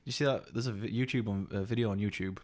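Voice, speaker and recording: Young man, low-pitched, podcast co-host, casual chat, sweary, mocking impressions. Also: fast. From United Kingdom. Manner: sweary, animated storytelling with mocking put-on voices.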